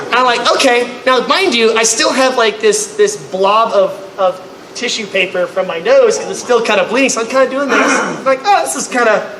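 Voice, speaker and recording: Brief: male convention panelist, high and bright, echoey panel room, comic storytelling with animated voiced-out characters. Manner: animated, acts out others with loud high-pitched outbursts. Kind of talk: comedic storytelling to a live audience. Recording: echoey room, faint noise.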